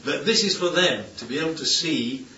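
Man preaching in a lively, sing-song way to a small gathering, heard from across a roomy hall on a dull, muffled recording with faint room noise behind him. He talks conversationally and keeps asking "yeah?". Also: fairly high pitch, brisk, recorded from a distance. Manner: chatty, keeps asking "yeah?", playful asides. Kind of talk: informal Bible-study sermon. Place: church hall with congregation.

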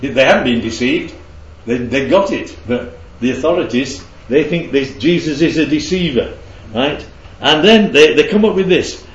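Man, Bible study leader, animated pitch, roomy sound. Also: normal speed, hardly any pauses, a little hiss or hum. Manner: keeps checking in with the group. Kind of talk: interactive Bible teaching. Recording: roomy, slightly dull recording.

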